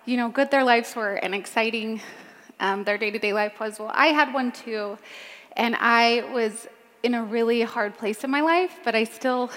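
A woman's voice: fairly high pitch, fairly bright tone, big-room sound. A woman on stage giving a personal talk to a crowd, chatty with many ums, her voice a little cracked from screaming. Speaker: keynote speaker, founder of a makeup line.

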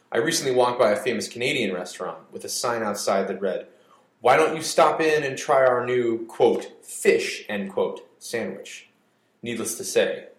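A man with a lowish voice reads a scripted explainer as a podcast host, dry and a little mock-dramatic. The sound carries a noticeable room echo. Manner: wry, mock-dramatic delivery. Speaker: podcast host for an editing service.

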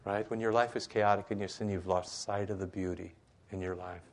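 A man's voice: on the low side, fairly even intonation, brisk, slight background noise. A man teaching a Bible study in a conversational way, with frequent rhetorical asides.

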